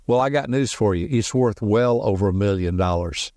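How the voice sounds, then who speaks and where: A middle-aged man hosting a motivational podcast, talking quickly and emphatically in a folksy way, with personal stories. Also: fairly low pitch, darkish tone, dry recording, clean studio sound. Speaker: podcast host and personality teacher.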